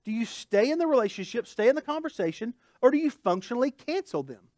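A male pastor giving a conversational sermon, animated and full of asides and jokes. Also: extremely high pitch, fast, no echo, studio quality. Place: church.

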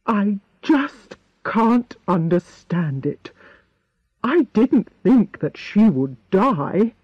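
Flustered male doctor read by a woman, hesitant and bewildered, slow, with a swinging pitch. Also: sing-song, breathy edge, dry recording, lo-fi sound, full character voice.

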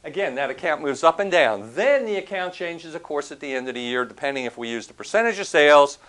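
A man's voice: on the high side, expressive, fast talker, fairly bright tone. A male professor giving a recorded accounting lecture, speaking conversationally, asking the class questions and telling anecdotes to make his points.

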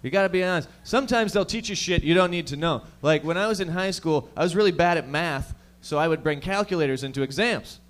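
A man's voice: a little high, fairly bright tone. A young man from the Toronto area hosting a stand-up set, firing off profane jokes at the crowd. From Toronto area, Canada. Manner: profane, rapid-fire joking to the crowd. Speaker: stand-up comedian and host. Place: comedy lounge stage.

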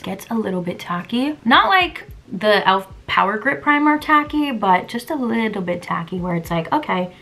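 A young woman chatting casually through a makeup tutorial, playful and quick to laugh at her own mispronunciations. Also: mid-range voice, sing-song, sharp tone. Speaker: beauty vlogger.

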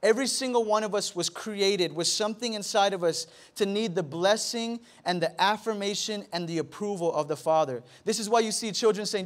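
High-voiced man preaching animatedly. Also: brisk, hardly any pauses. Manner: animated storytelling with repetitions. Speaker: pastor. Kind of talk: sermon.

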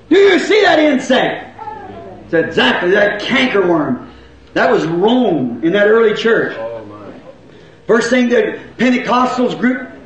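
A man preaching a folksy sermon, swinging between loud shouts and low asides. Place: church. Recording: echoey, muffled old church recording.

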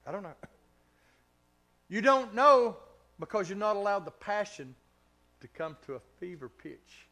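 A man preaching a sermon in a Southern Kentucky accent, his voice pitched high and cutting bright. He drives his points hard and loud, then drops to soft, intimate near-whispers, chuckling between phrases. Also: big pitch swings, normal speed. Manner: laughs between phrases and drawls stretched key words. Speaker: pastor.

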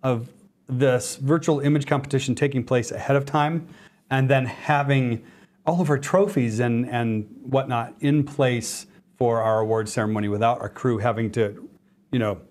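A man hosting a casual live video chat, talking excitedly, rambling and cutting himself off mid-sentence. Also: mid-range voice, moderate pace. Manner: excitable, rambling, self-interrupting. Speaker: host.

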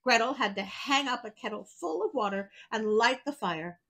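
A woman's voice: on the high side, lively intonation, moderate pace, bright, forceful tone, low-quality recording. A woman hosting a storybook reading, breaking off for wry, chatty asides. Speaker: storyteller host.

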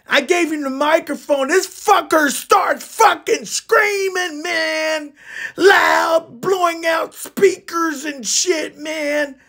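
A man's voice: very high-pitched, a little slow, creaky, fairly bright tone. A man playing a dim, profane rock band leader who rambles and ends every phrase with "man". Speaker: comedic character monologue. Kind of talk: comedic storytelling monologue.

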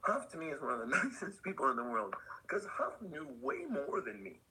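A middle-aged man, a veteran pro skater, telling rambling animated stories as a podcast guest. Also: fairly high pitch, a little fast, low-quality recording. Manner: rambling, animated, full of "like" and laughs. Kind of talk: casual storytelling in a podcast interview.

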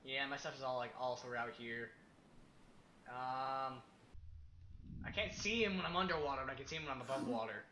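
A young man casually commenting as he plays a survival game, chatty and excitable, talking to himself and the objects in it. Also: medium pitch, fairly quick, pauses often, slight background noise. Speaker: gaming YouTuber. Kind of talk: casual let's-play commentary.

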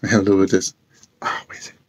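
A man casually chatting in a vlog, telling a rambling story with lots of laughs and sounding tired from a day of walking. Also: rapid-fire. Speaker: vlogger. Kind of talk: casual chat.

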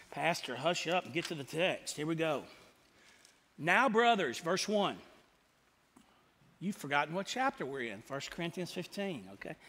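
Male pastor, high voice, folksy teaching sermon, quizzes the room as he goes. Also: sharp tone. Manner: folksy, asks the room questions and answers himself. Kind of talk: expository sermon. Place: church sanctuary. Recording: long church hall reverb.

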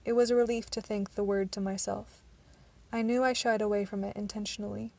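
Amateur woman audiobook narrator, gravelly and flat, some stumbles and restarts. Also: medium pitch, fairly quick.

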